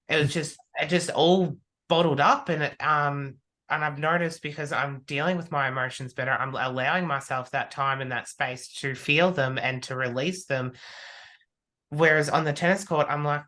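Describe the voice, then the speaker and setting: Guy on a podcast telling stories, acts out what he said, voice pretty bright. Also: on the high side, normal speed. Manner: animated storyteller acting out his own remarks. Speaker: podcast guest. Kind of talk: casual conversation.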